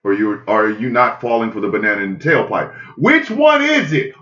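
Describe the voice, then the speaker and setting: High-voiced male comic ranter, piercing and animated; echoey, muffled lo-fi sound. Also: moderate pace. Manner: loud, incredulous, repetitive ranting. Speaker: comedy podcast host. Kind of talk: ranting comedic monologue.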